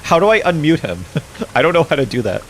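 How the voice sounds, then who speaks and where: A man's voice: a little high, sing-song, fairly quick, a little hiss or hum. Playful male streamer reading game lines. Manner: playful, laughs often, reads characters' lines in shifting voices. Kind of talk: live stream, reading game text and chatting with viewers.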